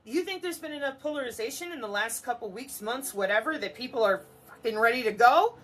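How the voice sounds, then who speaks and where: A woman's voice: a little high, animated, brisk, a bit bright. Sarcastic woman ranting to camera. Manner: sarcastic, mocking, profane. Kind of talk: ranting monologue.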